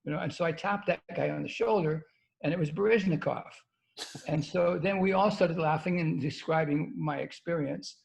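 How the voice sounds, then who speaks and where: An older man, a guest, telling a story in a halting, stop-and-start way with casual swearing. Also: fairly high pitch, vocal fry. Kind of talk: rambling storytelling. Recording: dull lo-fi sound.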